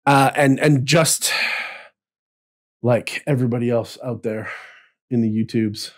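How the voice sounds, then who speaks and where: A man's voice: mid-range voice, a little slow. A man co-hosting a podcast in casual chat, earnest and rambling with frequent restarts. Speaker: podcast co-host.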